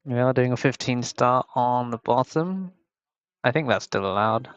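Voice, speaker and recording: Commentating a game tournament solo through a headset mic, a young man from the UK rambles and chats, often making fun of himself. His mid-range voice is smooth and moderately paced, captured in a dry, lo-fi recording.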